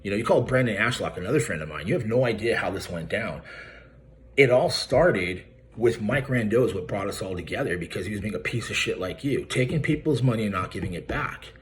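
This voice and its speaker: Man, low voice, swings widely in pitch, angry vlog rant, profane and mocking, faint hiss behind. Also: animated, fairly quick. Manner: addresses the target directly by name. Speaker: YouTuber calling out a credit repair business.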